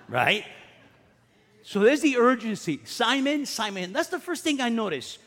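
A man's voice: very high-pitched, wildly swooping pitch, measured pace, vocal fry, a bit bright. A man preaching a sermon, telling stories with humorous asides and repeating names for emphasis. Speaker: pastor. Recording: long hall reverb.

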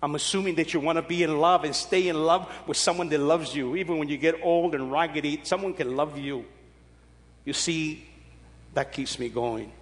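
A man's voice: fairly high pitch, normal speed, long reverb tail. A man in his sixties preaching a sermon, with an emphatic, repetitive, folksy delivery. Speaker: pastor.

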